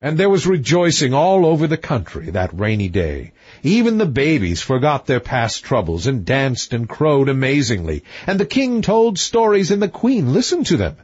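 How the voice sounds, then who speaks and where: Expressive husky man reading a fairy tale. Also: normal speed, no room sound. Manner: expressive reading, swooping between high and low. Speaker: audiobook reader. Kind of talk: scripted storybook narration. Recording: dull dry lo-fi recording.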